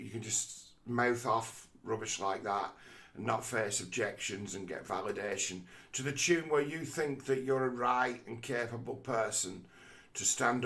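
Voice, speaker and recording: A man hosting a podcast, talking through his views in an animated, mocking way, with frequent fillers. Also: medium pitch, vocal fry. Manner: animated, mocking quoted voices, many fillers. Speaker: podcast host. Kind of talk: casual commentary.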